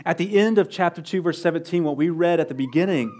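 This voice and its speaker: A man preaching a sermon in a conversational way, sometimes dropping to a soft low voice for emphasis. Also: fast talker. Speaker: pastor.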